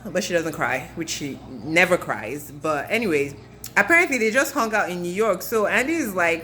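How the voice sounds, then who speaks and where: A woman's voice: fairly low pitch, lively intonation, normal speed, bright, forceful tone, slight background noise. A woman recapping a reality TV reunion in a casual, gossipy vlog, with chatty asides. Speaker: reality TV commentator.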